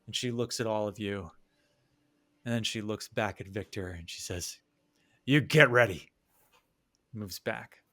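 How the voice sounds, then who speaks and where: A man narrating a tabletop game as game master, telling the scene slowly. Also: fairly low pitch, fairly even intonation. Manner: slow, storytelling narration.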